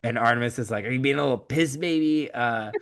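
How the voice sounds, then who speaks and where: A man at mid pitch, chatting casually on a podcast. He retells the plot with a comic, profane edge and slips into quick voices for each character. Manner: animated storytelling, acts out characters with quick voice shifts. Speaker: podcast co-host. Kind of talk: casual chat.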